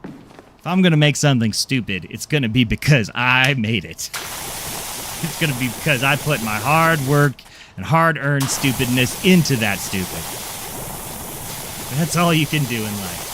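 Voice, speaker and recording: Chatty, lively game-streaming man. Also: medium pitch, unhurried, long pauses, noisy background. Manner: chatty, self-deprecating, rambling. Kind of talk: casual live-stream chat.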